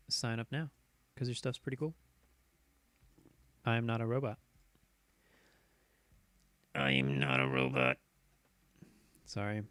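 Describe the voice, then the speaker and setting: A man hosts a relaxed live stream from his home setup, rambling cheerfully with plenty of ums and restarts. His voice sits at an ordinary middle pitch and comes through a desk mic with a dry, close sound and no room echo. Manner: easygoing, rambling, reads viewers' posts aloud with many fillers and restarts. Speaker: streamer host. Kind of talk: casual live-stream chat.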